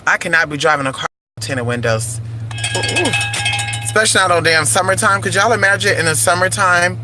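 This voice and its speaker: A man's voice: high-pitched, brisk, background noise. A man vlogging in casual chat, playful and crude, calling his viewers honey and y'all.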